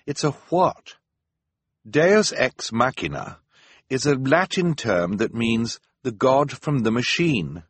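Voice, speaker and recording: A man's voice: medium pitch, slightly rough, no room sound, voice pushed up. A man voicing an earnest, bookish teenage boy in an audiobook, explaining things. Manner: earnest, explaining, slightly raised. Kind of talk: audiobook narration.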